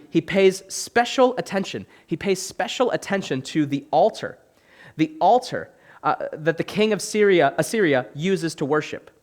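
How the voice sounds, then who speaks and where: A young man, a young adults pastor, preaching a sermon in an animated way and asking his listeners questions. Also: fairly high pitch.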